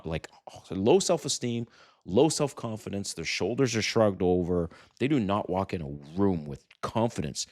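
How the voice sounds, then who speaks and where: Middle-aged guy ranting dating tips, lowish voice, swoops all over, swears a lot. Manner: brash and profane, animated, acts out quotes. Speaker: dating advice host. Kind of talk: casual to-camera talk. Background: sirens outside.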